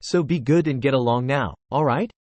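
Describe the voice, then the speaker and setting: A man's voice: medium pitch, normal speed, a little mellow, dry recording, close to an everyday voice. A man voicing a smug, taunting young man who craves attention, with a mocking, gloating delivery.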